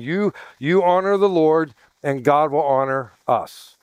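Chatty pastor teaching with jokes. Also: male voice, on the high side, slow pace, few pauses, no echo, clean studio sound. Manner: chatty, jokey asides, asks the room questions. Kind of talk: teaching sermon with congregation banter.

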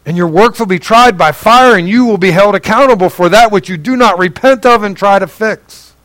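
A male pastor preaches a sermon in an earnest, conversational style, putting direct questions to the congregation and moving between raised, emphatic passages and quiet, low asides. He keeps a moderate pace, and the rough recording has no room sound.

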